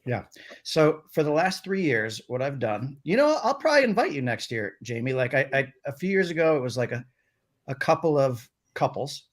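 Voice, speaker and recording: A middle-aged man telling a rambling story as a guest on a comedy talk show. His voice has a mid pitch but swings up and down with a lot of life. He trips over fillers as he goes, and he comes through a livestream video call. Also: big pitch swings, moderate pace. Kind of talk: casual anecdotal chat.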